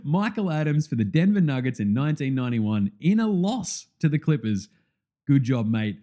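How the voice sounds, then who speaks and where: A man with an Australian accent hosting a sports podcast, talking excitedly in casual commentary, laughing and swearing freely. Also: mid-range voice, normal speed.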